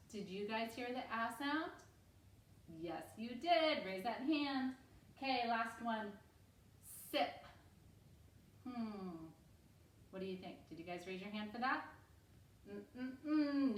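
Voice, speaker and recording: A woman teaching a reading lesson to young children at home, upbeat and encouraging, speaking slowly and clearly. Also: medium pitch, fairly bright tone, roomy sound, far from the mic, slight background noise, low-quality recording.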